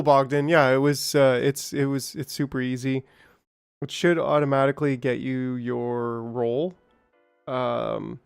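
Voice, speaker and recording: Reading out patch notes and saying hello to viewers in chat by name, this streamer keeps up loose let's-play commentary. He has a smooth, medium-pitched voice, and the recording is dry.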